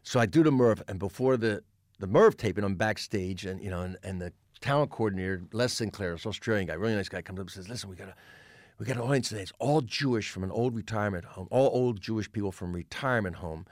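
An older man, a stand-up comedian and podcast guest, telling backstage stories in lively chat and slipping into lower, quieter voices for the people he quotes. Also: fast talker, no echo, studio quality. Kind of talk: storytelling anecdotes in podcast chat.

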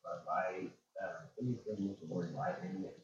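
A man's voice: low-pitched, moderate pace, lo-fi sound. A man chatting casually in a loose, rambling way. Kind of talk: casual chat. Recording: distant mic in echoey room with crowd noise.

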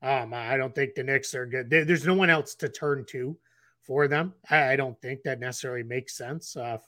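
Male podcast analyst, bright and forward voice, talks in loose rambling restarts. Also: mid-range voice, normal speed, no room sound, clean studio sound. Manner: rambling, frequent restarts and fillers. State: getting the hiccups. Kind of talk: casual basketball podcast talk.

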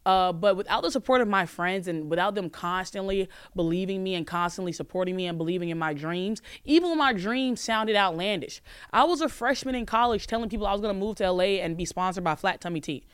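A woman in her twenties hosting a podcast, chatting casually and answering calls with animated, profane, joking rants. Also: mid-range voice, fast, smooth, no echo, clean studio sound. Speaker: podcast host.

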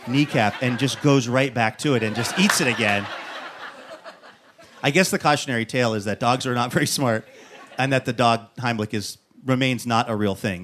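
A man hosting a talk show, with a voice in the middle pitch for a man. He tells a comic story in a lively, animated way and acts out what people said. His delivery is casual and chatty. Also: background noise. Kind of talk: comic monologue and interview.

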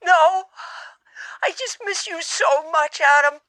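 A woman's voice: extremely high pitch, unhurried, pushed and bright, no echo, exaggerated voice, low-quality recording. A woman playing an earnest, clingy caller who quotes literature solemnly.

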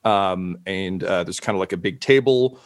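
A man's voice: low-pitched, moderate pace, no echo, studio quality. A man running a tabletop game as game master, narrating hesitantly with many fillers.

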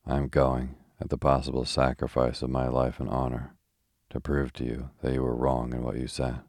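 A defiant, fervent anarchist poet, voiced by a man reading a sleep story. His voice sits very low and barely rises or falls. The recording is dry and close. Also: completely flat delivery, moderate pace, darkish tone, no echo. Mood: grim. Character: intense fiery-haired male anarchist poet.

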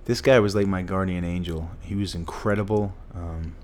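A man's voice: low-pitched, fairly even intonation, normal speed. A middle-aged man earnestly telling a personal story as an interview guest.

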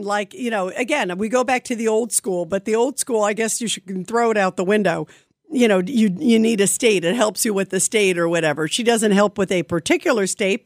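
A woman's voice: a little high, no room sound, clean studio sound. A woman hosting a call-in radio talk show, chatting with callers in a conversational way with plenty of fillers. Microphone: studio microphone.

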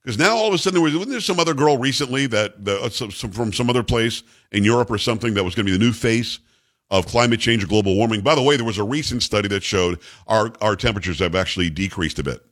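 Speaking quickly in a low, slightly bright voice, a talk radio host reads the news aloud and sarcastically tears into it. The monologue is combative and full of opinion.

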